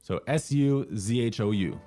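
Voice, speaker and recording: A man with a mid-pitched voice co-hosts a language lesson. He talks casually, asks guiding questions, and has soft music behind him. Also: moderate pace. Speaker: lesson co-host.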